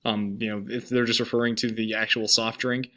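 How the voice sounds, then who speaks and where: A man's voice: lowish voice, little pitch movement, brisk, sharp tone, slight background noise. A young man, a teacher talking through lecture slides in a casual, rambling way full of fillers and restarts. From United States. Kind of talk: recorded classroom lecture over slides.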